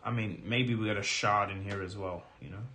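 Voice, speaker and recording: A man streaming live as he opens trading card packs, talking casually with lots of fillers and getting excited about his pulls, his voice a little hoarse. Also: fairly low pitch, fairly quick, slight background noise. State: slightly hoarse. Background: music.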